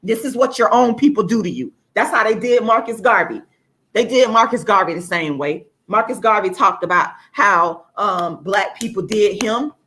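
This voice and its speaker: A woman's voice: fairly high pitch, fairly bright tone. A woman author and activist, angry and outraged, swearing a lot and repeating her points for emphasis as she rants to viewers on a livestream. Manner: angry, profane and emphatic, repeating lines for force.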